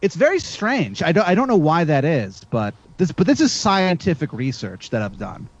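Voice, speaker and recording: A man's voice: fairly high pitch, sing-song, moderate pace. A man from Virginia co-hosting a casual podcast chat, joking and sarcastic, swearing freely. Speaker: podcast co-host. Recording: dull lo-fi sound.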